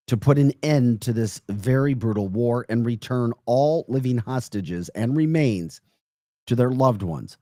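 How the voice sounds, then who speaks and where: A man co-hosting a political talk podcast, upbeat and animated, laughing often as he talks. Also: medium pitch, no echo, clean studio sound. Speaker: podcast co-host.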